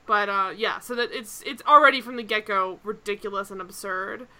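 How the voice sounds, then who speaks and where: A woman co-hosting a podcast, talking in a casual, animated way, often laughing and acting out quotes. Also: mid-range voice, brisk. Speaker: podcast co-host. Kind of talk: casual chat.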